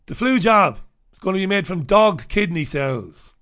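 A man's voice: high-pitched, lively intonation, normal speed, a bit bright. An Irish man hosting a talk radio show, ranting bluntly and swearing freely. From Ireland. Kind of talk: opinionated talk radio monologue.

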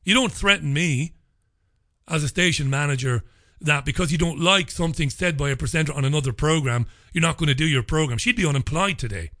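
A man rants with indignation in an opinion monologue. His voice is forceful and bright, sitting a little high. The sound is dry and close. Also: a little fast, dry recording. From Ireland. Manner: indignant, ranting.

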